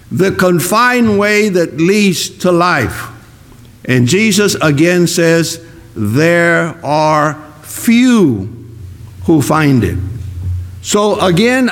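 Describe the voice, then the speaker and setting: A man preaching a sermon, slow and emphatic, repeating key words for weight. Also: sits high. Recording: long reverb of a hall.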